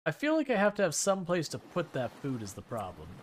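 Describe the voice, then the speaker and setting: A man's voice: fairly high pitch, brisk, very noisy. Man, game streamer, casual wry chat, thinking aloud, laid-back. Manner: relaxed, wry, thinks aloud while playing.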